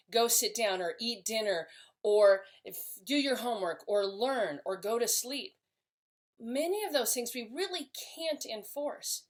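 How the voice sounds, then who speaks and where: Woman explaining parenting tips to camera, earnest, a bit higher voice, restarts now and then. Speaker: parenting educator. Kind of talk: instructional talk to camera.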